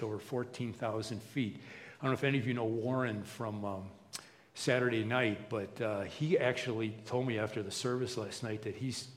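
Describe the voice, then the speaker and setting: A man preaching a sermon as a pastor, relaxed and conversational, with plenty of fillers and restarts. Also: medium pitch, in a large hall. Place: church.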